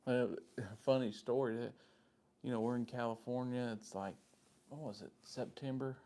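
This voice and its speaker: Gravelly Southern man chatting with viewers. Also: medium pitch, steady tone, moderate pace, dark tone. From Southern United States. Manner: rambling, friendly, answers chat comments by name. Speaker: live-stream host. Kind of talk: casual live-stream chat with viewers.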